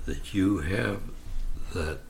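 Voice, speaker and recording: A man in his nineties with a deeply gravelly, creaking voice and a lowish pitch, speaking in an earnest, unhurried way. He drifts from thought to anecdote as an interview guest. Faint ambience sits behind him. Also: slight background noise. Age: 90s. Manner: slow, earnest, warm-hearted, drifts into anecdotes. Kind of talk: reflective storytelling in conversation.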